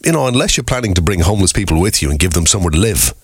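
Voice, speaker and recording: A man presenting on a country music radio station, chatting casually in a rambling, animated way. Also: low voice, rapid-fire, breathy edge, no room sound, clean studio sound. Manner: rambling, animated, mocking asides.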